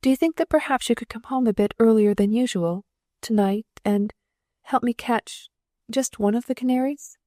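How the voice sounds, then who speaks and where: A woman's voice: fairly high pitch, normal speed, dark tone, no room sound, clean studio sound, pitched above the performer's own voice, lightly acted. A woman doing a timid, faltering young nurse. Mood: wistful.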